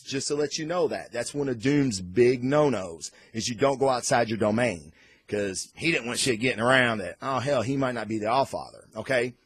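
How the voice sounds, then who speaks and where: A man giving a casual, excited comic book review on camera, rambling off on tangents and swearing freely. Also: mid-range voice, husky, dry recording. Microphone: recorded on camera.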